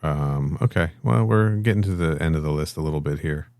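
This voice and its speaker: Low-voiced guy cohosting, laid back, asks stuff, dry sound. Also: brisk, a little mellow, dry recording. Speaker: podcast co-host. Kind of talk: casual chat.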